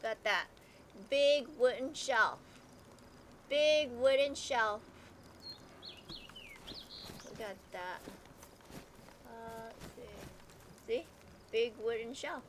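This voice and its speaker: A woman streaming a game live, chatting with her viewers, excitable and laughing often as she plays. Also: on the high side, drawn-out words, pauses often, a little hiss or hum. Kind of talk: live gameplay commentary.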